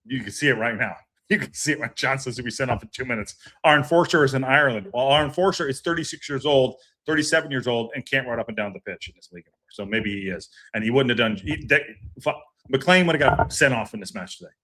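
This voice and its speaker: Ranting bright-voiced male fan host. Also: mid-range voice, fast talker. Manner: ranting, swearing, repeats himself. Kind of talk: heated fan reaction stream.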